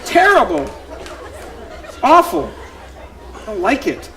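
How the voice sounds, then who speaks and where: A man in his thirties, a youth pastor performing a one-man comedy show on stage, telling stories with big swings from quiet asides to loud exclamations. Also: sits high, wildly swooping pitch, takes it slowly, a faint crowd. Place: theater stage.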